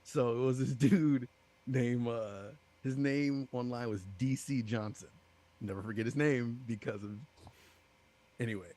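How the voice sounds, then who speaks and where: A man co-hosting a gaming podcast, telling stories in a casual, animated way and acting out other people's lines. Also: medium pitch, a little slow. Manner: animated, laughing, acts out quoted voices. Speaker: podcast co-host. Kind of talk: casual storytelling chat.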